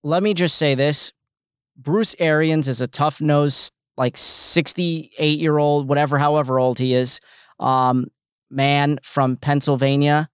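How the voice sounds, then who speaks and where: A man's voice: fairly high pitch, steady tone, unhurried, smooth, dry recording, studio quality. A man hosting a sports talk show, giving blunt, emphatic opinions and hammering his points home.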